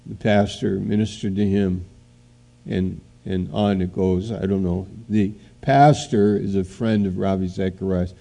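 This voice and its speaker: Slow, gravelly-voiced male preacher. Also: sits low, steady tone. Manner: slow, halting delivery that rises to loud emphatic outbursts. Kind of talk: sermon.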